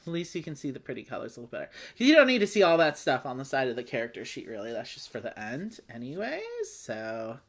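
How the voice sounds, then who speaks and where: A woman hosts a board game play-along, talking through the rules in a relaxed, chatty way and clearly amused by the puns. Her voice sits low. Her pitch moves a great deal as she talks. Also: quick pace, few pauses. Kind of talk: casual game commentary.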